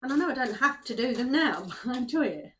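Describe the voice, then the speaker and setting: A middle-aged woman who reads tarot chats and rambles to herself in a summer house as she shuffles oracle cards for a casual reading. She speaks quickly and very animatedly in a high, somewhat bright voice, and there's a little background noise.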